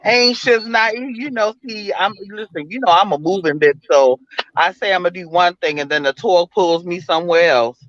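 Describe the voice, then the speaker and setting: A man with a high, bright voice trades laid-back, sassy jokes as a guest on a live show. His video call audio is dry and muffled. He talks in a relaxed way and throws out playful digs. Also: normal speed, no echo. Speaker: guest co-host. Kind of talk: casual banter on a live show.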